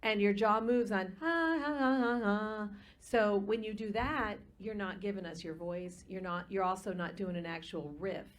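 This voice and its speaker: A woman voice teacher judging a live singing competition, giving measured, practical technical advice. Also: medium pitch, little pitch movement. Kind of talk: live judge's critique. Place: live performance venue.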